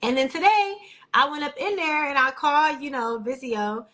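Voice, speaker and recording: A young adult woman co-hosting a podcast, telling an animated story in casual chat full of slang and acted-out quotes. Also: high voice, normal speed. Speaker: podcast co-host.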